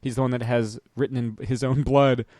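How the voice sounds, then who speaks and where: A man's voice: mid-range voice, steady tone, moderate pace, a little mellow, dry recording, clean studio sound. A man co-hosting a casual podcast, making wry asides in conversation. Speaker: podcast co-host. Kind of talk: casual chat.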